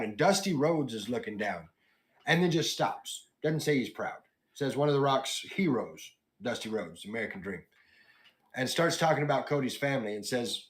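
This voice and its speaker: A man hosting a wrestling podcast, recapping matches in relaxed, casual chat with quoted lines and asides. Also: mid-range voice. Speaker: podcast host.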